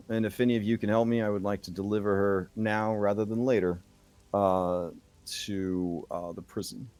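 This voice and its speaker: A man voicing a stern older male official who sighs and speaks in a measured, persuasive way. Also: fairly low pitch, a little mellow, dry recording.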